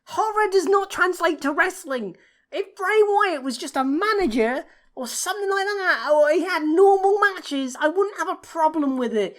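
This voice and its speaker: A woman's voice: animated, normal speed. A woman from the UK co-hosting a wrestling podcast, ranting in casual chat with lots of swearing and exasperation. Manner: sweary, exasperated, swinging pitch. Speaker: podcast co-host.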